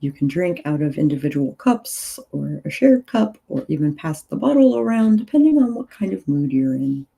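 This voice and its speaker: A groggy woman leading a ritual on a casual livestream, reading prayers aloud in an unhurried way with loose asides. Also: low voice, very animated, gravelly, dark tone, husky, low-quality recording. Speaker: ritual leader and tarot reader.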